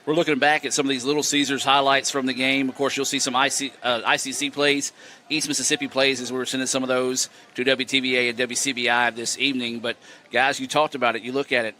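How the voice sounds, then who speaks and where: Broadcast guy with a really bright sharp voice, running down scores, faint outdoor noise. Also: medium pitch, fast. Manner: steady, recites scores and times. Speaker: play-by-play broadcaster. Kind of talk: broadcast game recap.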